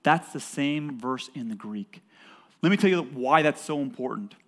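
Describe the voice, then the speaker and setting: Delivering a sermon in church, this male pastor speaks emphatically, climbing to loud peaks and slipping in jokes for the congregation. He has a medium pitch, an expressive delivery, and a normal pace.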